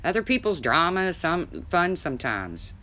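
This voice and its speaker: A woman hosting a casual livestream, reading viewer comments aloud and chatting, with a deep voice people mistake for a man's. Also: sing-song, normal speed, bright, forceful tone, slight background noise. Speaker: livestream host.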